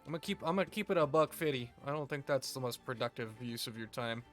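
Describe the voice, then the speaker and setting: A man streams a game with casual commentary, full of crude jokes and rambling tangents. His medium-pitched voice is expressive, fast, and fairly bright, with soft music playing in the background.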